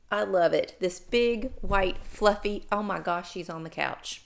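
A woman's voice: medium pitch, measured pace, gravelly, hardly any pauses. A middle-aged woman vlogging in a casual, chatty way, talking straight to her viewers with playful sarcasm. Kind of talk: casual chat to camera.

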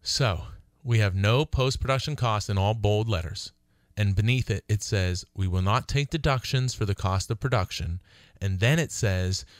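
On his radio program, a middle-aged lawyer walks through lease terms with emphasis, easing his pace when he reads contract language out loud. His pitch is fairly low. The sound is clean studio audio with no room sound.

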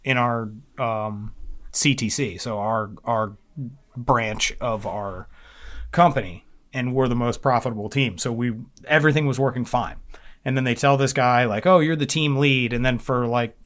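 A man's voice: mid-range voice, steady tone, normal speed, a bit bright. Rambling, profane man talking casually. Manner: rambling and profane, with many fillers and restarts. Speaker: podcast guest sharing a recovery story. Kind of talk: casual chat.

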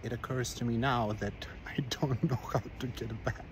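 A man talks to his own camera while hiking and wandering outdoors, joking to himself and jumping up into high, alarmed exclamations. His voice sits at an ordinary middle pitch. The handheld recording carries clear outdoor noise behind him. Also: fairly even intonation, moderate pace. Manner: dramatic, jokey self-talk with sudden high exclamations. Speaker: travel vlogger. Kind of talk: casual vlog narration. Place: outdoors, forest trail and riverside city. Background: outdoor ambience, flowing water.

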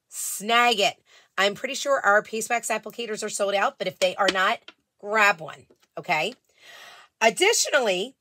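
A middle-aged woman hosts a live craft stream in an easy, rambling chat, greeting viewers by name and circling back on her own sentences. Her voice sits a little high and rings bright, and the sound is close and dry with almost no room around it. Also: no room sound. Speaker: live-selling craft host.

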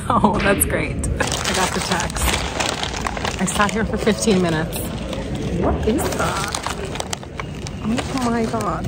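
A medical student in her twenties talks casually and candidly to a handheld phone camera for a vlog, filling her sentences with "like." Her mid-range voice is slow with frequent pauses, and there's heavy background noise.

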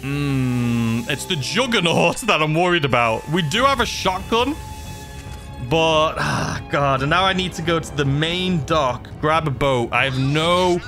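A man's voice: a little high, lively intonation, measured pace, music in the background. Anxious man narrating gameplay. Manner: anxious, self-talking, frequently exclaiming. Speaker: gaming YouTuber. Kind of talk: live gameplay commentary.

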